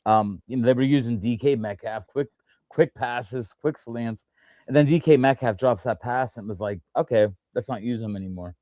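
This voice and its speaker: A man's voice: mid-range voice, moderate pace, warm tone, no room sound. A man hosting a casual sports talk show, rambling through his points with frequent restarts and fillers. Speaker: podcast host.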